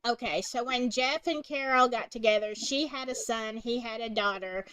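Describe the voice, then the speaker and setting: A woman's voice: on the high side, moderate pace, clean tone, no room sound, low-quality recording. A woman hosting a live stream in a casual chat, reading out a report and viewer comments. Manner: animated, reads from a report and from chat.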